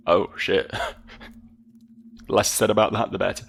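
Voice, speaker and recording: A man's voice: lowish voice, little pitch movement, slow, vocal fry, long pauses, fairly bright tone. A British man commenting on gameplay as a let's play host, with musing, wry asides.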